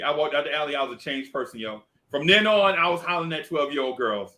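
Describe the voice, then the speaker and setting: A man's voice: on the high side, lively intonation, fast talker, hardly any pauses, pushed and bright. A middle-aged man telling a comic story, acting out each character's voice. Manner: playful, acts out every character's voice. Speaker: podcast co-host.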